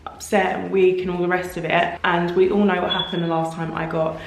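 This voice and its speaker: A woman's voice: lowish voice, level tone, a little fast. Chatty woman in an echoey empty house. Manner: chatty, rambling, frank about frustrations. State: croaky from tiredness. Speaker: home renovation vlogger. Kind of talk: casual vlog chat. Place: empty house under renovation. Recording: echoey empty room, faint noise.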